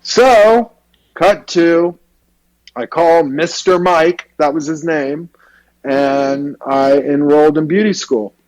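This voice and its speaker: Animated slangy male storyteller. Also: on the high side, takes it slowly, low-quality recording. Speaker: hairstylist guest. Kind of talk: storytelling interview.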